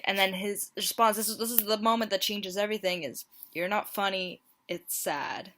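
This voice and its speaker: Bright, playful woman reading dating messages. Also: medium pitch, normal speed, few pauses. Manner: playful, self-mocking, reads messages aloud. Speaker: YouTuber. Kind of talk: casual vlog commentary. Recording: home mic, plain audio quality.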